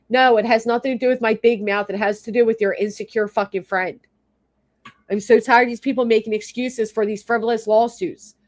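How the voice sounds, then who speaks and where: A YouTube livestreamer with a slightly high voice rants briskly, her intonation fairly even. She's angry and exasperated, cursing frequently, and stops every so often to read chat messages and thank the viewers behind them.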